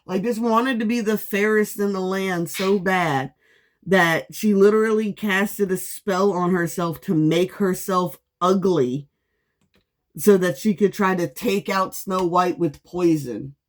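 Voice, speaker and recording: A sassy woman tarot reader talking straight to her viewers in a casual, animated monologue. Her voice sits at an ordinary middle pitch, and she swears freely as she tells her story. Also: slow.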